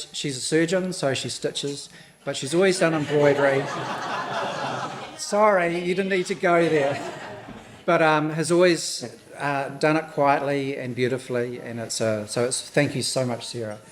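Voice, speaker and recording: A man giving a thank-you speech at a gallery opening. He talks in a nervous, halting way, with restarts and soft laughs, his voice a little hoarse and thick with emotion. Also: on the high side, noisy background. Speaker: exhibiting artist.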